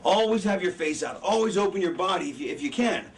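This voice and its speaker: Rambling, cursing middle-aged man, high voice. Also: animated, quick pace. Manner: profane, rambling, loses his train of thought. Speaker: wrestling trainer. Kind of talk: casual teaching talk. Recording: distant mic, faint background noise.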